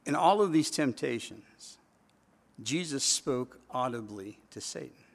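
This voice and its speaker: A man's voice: mid-range voice, animated, measured pace, creaky. Guy preaching a sermon, chatty then punchy with repeated lines, big echoey hall. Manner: conversational preaching, rising to emphatic repetition. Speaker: pastor.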